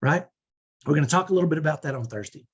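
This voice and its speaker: Husky middle-aged man coaching parents. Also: fairly high pitch, animated, fast, dull audio. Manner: conversational, often ends points with "right?". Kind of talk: teaching talk to parents.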